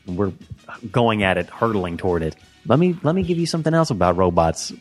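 A man's voice: fairly low pitch, animated, a little fast, soft background music. A man hosting a casual comedy podcast, teasing and laughing often. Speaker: podcast host.

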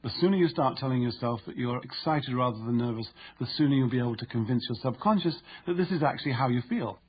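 A man narrating an instructive audiobook in a steady, explanatory way. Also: mid-range voice, fast, lo-fi sound, slight background noise.

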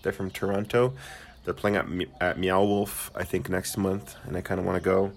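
A man's voice: sits low, flat delivery, moderate pace. A man co-hosting a casual home podcast, talking in a rambling, hesitant way with a dry, sarcastic streak. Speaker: podcast co-host. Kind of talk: casual chat.

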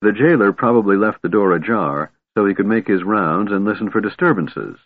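A man reads a fantasy story in a measured, steady way, his low voice somewhat husky. The recording is dry and closely miked, with a thin, phone-like band that cuts the lows and highs. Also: dry recording. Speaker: audiobook narrator. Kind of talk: scripted fantasy narration. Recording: tinny narrow-band recording.

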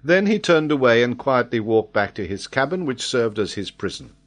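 A man narrating a classic adventure novel in a measured, steady audiobook reading. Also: medium pitch.

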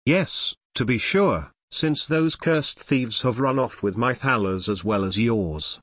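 A man's voice: medium pitch, animated, takes it slowly, a bit bright, husky, dry recording, clean studio sound, full character voice. A man reading the lines of an aging prince who is distressed, then grateful, in a formal reading voice.

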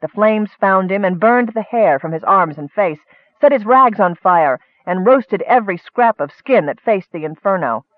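A man narrating a fantasy story in steady storytelling, lifting his voice for action. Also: high-pitched, normal speed. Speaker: audiobook narrator. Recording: dry, tinny phone-like sound.

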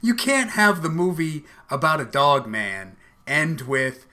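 Bright-voiced man co-host, excitable and swearing, lots of laughs. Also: a little high, slow, hardly any pauses. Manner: animated, profane, laughs often. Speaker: podcast co-host. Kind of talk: casual comedic chat.

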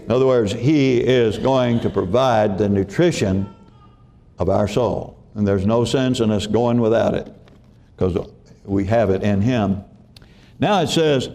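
A man's voice: medium pitch, animated, measured pace, a little mellow. A man preaching a sermon in a folksy way, often repeating himself and asking the congregation if they follow. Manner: folksy, repeats phrases, asks congregation questions. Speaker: pastor.

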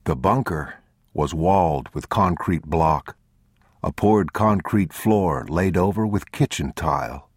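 An extremely deep, husky male narrator reads a story slowly and gravely, taking his time over every phrase. The sound is dry and close, straight into a studio microphone. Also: animated, dry recording. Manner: measured, grave, unhurried. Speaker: audiobook narrator. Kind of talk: scripted narration.

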